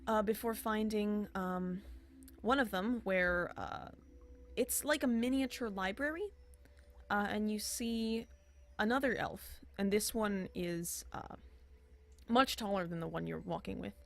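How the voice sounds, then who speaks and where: A woman narrating a tabletop game as game master, halting with fillers and restarts. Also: mid-range voice, vocal fry.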